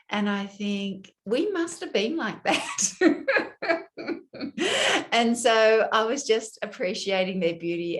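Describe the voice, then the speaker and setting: An older woman, chatting casually and telling a story to women viewers. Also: mid-range voice. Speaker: vlogger. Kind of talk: casual chat.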